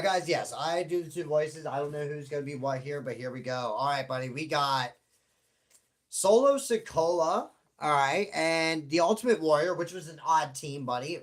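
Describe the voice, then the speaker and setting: A man hosting a casual vlog, chatty and rambling with many fillers and offhand swearing. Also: a little high. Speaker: host. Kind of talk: casual tabletop wrestling draw vlog.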